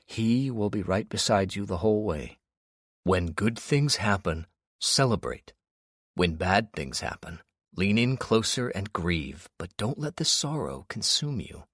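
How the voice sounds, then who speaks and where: Audiobook role: a man doing a warm-hearted, wise father, gentle and earnest, low and dry. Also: no echo. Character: loving, wise father comforting his grown son.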